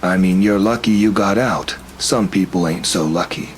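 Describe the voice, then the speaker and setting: Gruff older attendant, put on by a male narrator, drawling and folksy, faint hum behind, storybook horror. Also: deep voice, moderate pace, lightly acted. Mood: ominous.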